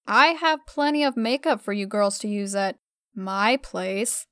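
A woman voicing a smug, creepy adult man who speaks slowly and quietly. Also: mid-range voice, animated, clear, resonant tone, no room sound, clean studio sound.

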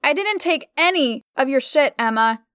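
A woman's voice: animated, moderate pace, fairly bright tone, no room sound, studio quality. A woman voicing a bratty, dramatic young woman who whines and shrieks. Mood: shrill. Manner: whiny and shrill.

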